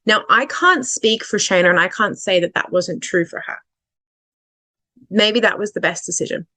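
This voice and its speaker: Woman, relationship coach, casual explanatory chat, mid-pitched voice, dry close sound, halting restarts. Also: pushed and bright, dry recording. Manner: conversational, many fillers and restarts, slows down on key points.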